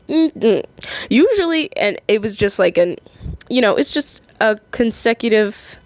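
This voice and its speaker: A woman's voice: a little high, no echo. A young adult woman casually reading online comments aloud and reacting to them, giggly and chatty, often stumbling and restarting her sentences.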